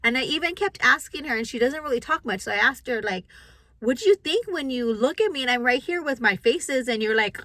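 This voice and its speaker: A middle-aged woman tells a personal story straight to camera. Her voice is bright and fairly high, and she keeps restarting her sentences as she acts out the dialogue in an animated way. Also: a little fast, no echo, rough recording. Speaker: vlogger.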